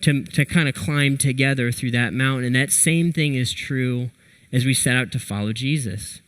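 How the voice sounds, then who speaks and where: A young adult man preaching a sermon, telling a story with lively, animated retellings of what people said. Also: medium pitch, normal speed, low-quality recording. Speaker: pastor.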